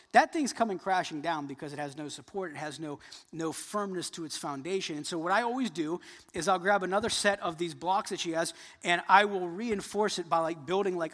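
In a large hall, a pastor in his thirties preaches in a high voice. He is earnest, building up to emphatic points before dropping to a soft tone.

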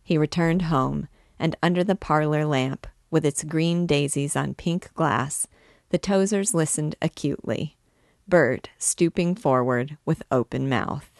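A woman reading a novel aloud as a literature teacher, in a steady, expressive way. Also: deep voice, a little slow, no echo, clean studio sound.

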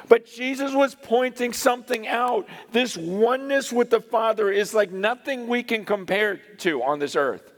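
A middle-aged man preaching a sermon in a conversational, animated way, acting out the voices he quotes. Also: very high voice, moderate pace, hardly any pauses. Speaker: pastor. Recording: long hall reverb.

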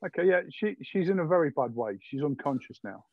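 A man running a tabletop game as game master, narrating scenes in a halting way with many fillers. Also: a little high, expressive, no echo. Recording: dull lo-fi dry sound.

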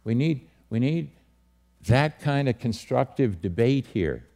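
A man's voice: mid-range voice, expressive, takes it slowly, vocal fry, dark tone. A man, a pastor teaching a leadership session to a small group, direct and full of questions, repeating his key words. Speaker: pastor leading a leadership training.

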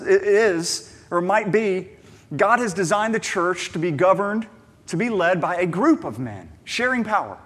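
A man's voice: high-pitched, a bit bright. A man, a pastor, preaching a sermon in an emphatic, conversational way, often repeating words and asking rhetorical questions. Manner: conversational storytelling asides.

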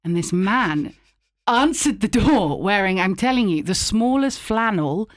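Unhurried and mid-range in pitch, this interview guest, an actor and writer, tells a lively story and performs the voices of the people in it. The sound is clean studio audio with a dry feel.

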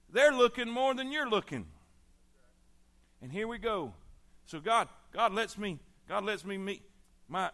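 A middle-aged man preaching a sermon, swinging between loud exhortation and hushed intensity. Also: high voice.

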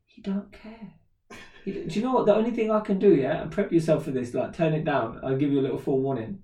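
A young man, telling a story in animated, slangy casual chat. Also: on the high side, racing, far from the mic. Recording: roomy echo, a bit off-mic.

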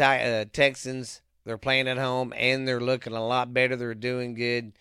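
A man hosts a casual sports show, reeling off records and picks in a loose, profane ramble. His voice is bright and forward with a smooth, clean tone. The sound is close and dry, with no room around it. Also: medium pitch, no echo. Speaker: podcast host.

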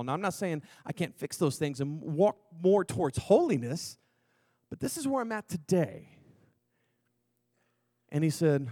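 Male preacher, fairly high voice, dry close mic, testimony sermon with big swings in volume. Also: no echo. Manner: swings from hushed, slow intensity to loud, excited storytelling. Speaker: pastor.

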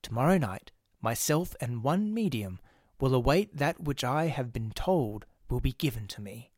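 A man reading the part of an obsessed male church organist, speaking in a hushed, urgent way that turns pettish. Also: medium pitch, big pitch swings, moderate pace, no room sound, clean studio sound. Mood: awed hushed.

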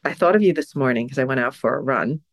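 A woman co-hosting a podcast in casual chat, emotional and quick to laugh as she tells stories. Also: very deep voice, dry recording, studio quality. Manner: emotional, laughs often, animated storyteller. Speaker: podcast co-host.

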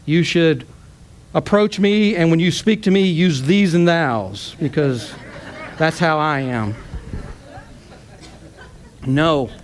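A man preaching a sermon with passion, climbing to shouts and then dropping soft, tearful at times. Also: on the high side, slow pace, long pauses, a little hiss or hum.

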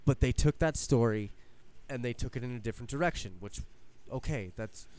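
A man in casual podcast chat, talking excitedly, swearing and acting out his own reactions. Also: mid-range voice, a little fast.

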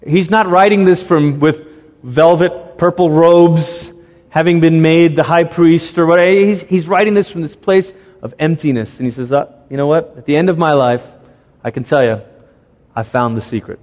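A man's voice: a little high, fairly even intonation, moderate pace, a little mellow. A man preaching a sermon, telling stories animatedly and acting out characters and animal noises. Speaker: pastor. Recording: long reverb of a large hall.

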